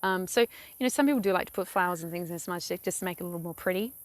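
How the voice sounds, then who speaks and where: A woman's voice: fairly low pitch, racing, no room sound. A young woman from New Zealand with a New Zealand accent, chatting casually in a how-to vlog, rambling with lots of fillers, recorded outdoors beside a lake. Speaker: craft vlogger.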